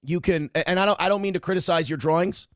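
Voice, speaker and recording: A man's voice: high-pitched, fast, dry recording. A man co-hosting a live stream, teasing and mocking in a dry way.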